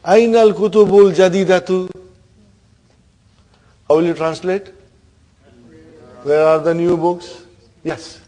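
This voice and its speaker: A man's voice: high voice, steady tone, slow pace, long pauses, warm tone. A man teaching an Arabic grammar class, quizzing students and repeating terms with frequent checks of "huh?". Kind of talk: classroom lesson.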